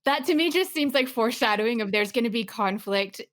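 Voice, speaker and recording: Woman co-host, 30s, from Texas, emphatic and animated, slightly higher voice. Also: fairly quick. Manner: animated, emphatic, jumps between points. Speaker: podcast co-host. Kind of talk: casual chat.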